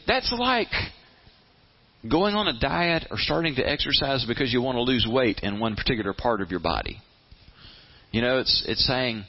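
Speaking at a moderate pace with an expressive, medium-pitched voice, a pastor delivers a plain-spoken, conversational sermon. Repeated words and acted-out inner voices run through it, heard on a slightly muffled, lo-fi recording.

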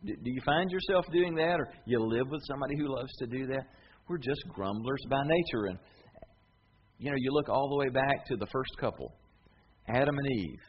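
A man's voice: medium pitch, lively intonation, brisk, muffled recording, a little hiss or hum. A middle-aged male pastor preaching a sermon in a conversational way, often asking the audience questions. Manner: conversational, repeats words, asks the audience questions.

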